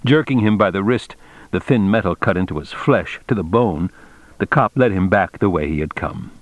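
A man reading a novel aloud as narrator in a measured, steady way. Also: sits low, dry recording. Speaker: audiobook narrator. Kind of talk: scripted narration.

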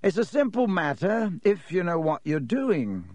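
A man voicing a vain, pompous wizard teacher who talks loudly and self-satisfied. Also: high-pitched, sing-song, unhurried, no echo, pitched above the performer's own voice, full character voice. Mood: condescending.

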